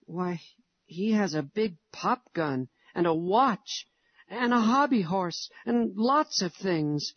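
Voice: mid-range voice, lively intonation, slow, no echo, muffled recording, pitched above the performer's own voice. A reader voicing a small, sad boy who pleads through tears that his family is poor. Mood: wistful. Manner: pleading, tearful.

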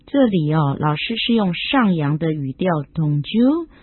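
A woman co-hosting a scripted radio language lesson, explaining each point in a clear, explanatory tone. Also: deep voice, animated, moderate pace, no room sound. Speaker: co-host explaining in Chinese. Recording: tinny phone-like broadcast audio.

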